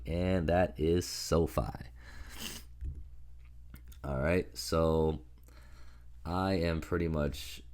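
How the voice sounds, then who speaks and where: Stock vlogger, male, extremely deep pitch, sounds under the weather, rambling fillers. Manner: loose, rambling, many fillers. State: sick voice. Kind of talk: casual portfolio update to camera.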